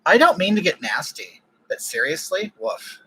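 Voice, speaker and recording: A man's voice: high-pitched, very animated, moderate pace, background noise. A man from California hosting a casual livestream chat, ranting bluntly with strong opinions. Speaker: livestream host.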